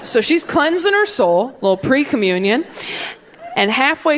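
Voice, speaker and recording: A woman's voice: sits high, very animated, a bit bright, slight background noise. Sarcastic young woman doing stand-up. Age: 20s. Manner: brisk, sarcastic, punchy delivery. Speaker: stand-up comedian. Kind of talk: stand-up comedy.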